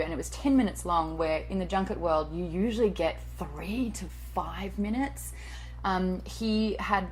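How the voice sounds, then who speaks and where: Answering an interviewer's questions, a late-thirties TV and radio presenter who also does voice-overs speaks in a lowish voice, chatty and self-mocking, with an occasional curse. It's a low-quality recording.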